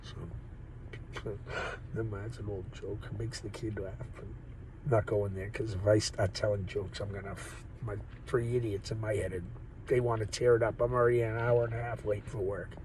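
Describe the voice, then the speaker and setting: A man's voice: on the low side, level tone, normal speed, darkish tone, slight background noise, poor audio. A man talking into his phone in a rambling, profane, joking monologue that keeps wandering off topic. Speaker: vlogger. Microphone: phone or camera mic.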